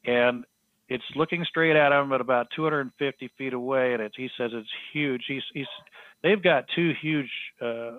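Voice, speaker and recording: A man's voice: mid-range voice, moderate pace, dry recording. A man, a guest in an interview, telling a story and acting out the quoted speech of the people in it. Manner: rambling storyteller who acts out quoted speech. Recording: tinny phone line.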